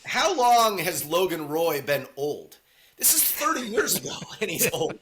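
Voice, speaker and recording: Over a loud crowd, a high-pitched man talks in a sing-song way at a measured pace. He's a podcast co-host chatting casually and jokingly about a film, rambling and acting out quotes in silly voices.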